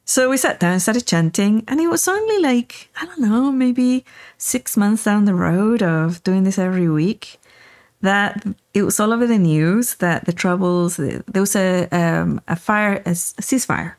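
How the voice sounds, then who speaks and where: A woman's voice: medium pitch, moderate pace. A woman guest telling a story in conversation, acting out the dialogue and often checking in with "right?". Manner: animated, acts out quoted dialogue, keeps asking "right?". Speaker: spiritual teacher and guest.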